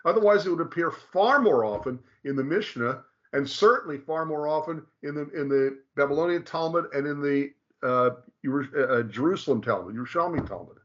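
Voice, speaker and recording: A man's voice: on the high side, lively intonation, a little fast, few pauses, a bit bright. A man explaining scripture in casual talk, lecturing with frequent restarts and checks of "okay". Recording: dull lo-fi sound.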